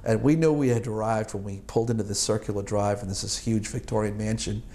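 A man's voice: lowish voice, steady tone, quick pace, dark tone, slight background noise. A man in his sixties from Boston, an Army veteran recalling his service in an oral history interview, rambling and chuckling with many fillers and restarts. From Boston, United States.

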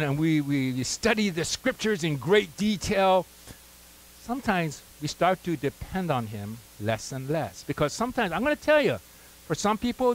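A man's voice: a little high, rough recording. A pastor preaching a sermon, conversational and full of "right?" asides, prompting his congregation to call out words.

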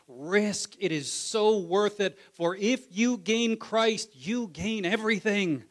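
A male pastor preaching a sermon in a casual, conversational way, acting out biblical voices and swinging from soft asides to loud calls. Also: high-pitched, takes it slowly, few pauses.

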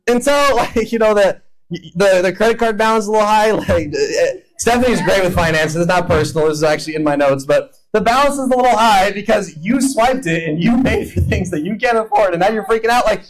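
A man's voice: sits high, quick pace, low-quality recording. A man preaching a humorous sermon, acting out imagined prayers and conversations in playful voices. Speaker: pastor. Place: church hall.

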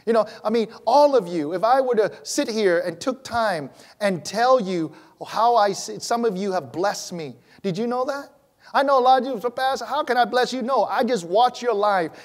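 A pastor preaching a sermon in church, animated, swinging between loud emphatic lines and low quiet ones. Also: male voice.

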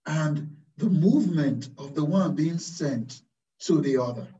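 Priest giving a slow sermon, asks questions then answers them, sounds far off in an echoey room, kinda muffled. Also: male voice, fairly high pitch, animated, mellow. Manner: slow, deliberate teaching with rhetorical questions. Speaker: Carmelite priest. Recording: distant, roomy, dull-sounding recording.

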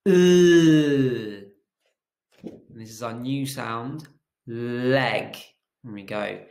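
A man leads a children's phonics lesson at a slow, patient pace. His voice is bright with a gravelly edge, and it rings in an echoey room. He keeps asking the children to repeat after him. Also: mid-range voice, fairly even intonation. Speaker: phonics teacher.

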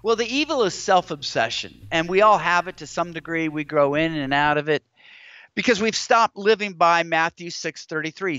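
Bright-voiced middle-aged man, earnest storyteller. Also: a little high, animated, normal speed, smooth, dry recording, lo-fi sound. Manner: earnest, preacherly storytelling with scripture quotes. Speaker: author and guest. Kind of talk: interview conversation.

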